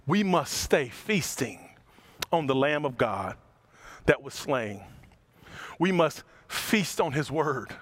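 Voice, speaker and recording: A man preaching a sermon as pastor, animated, with big swings in pitch and loudness as he acts out the passages. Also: takes it slowly, long pauses.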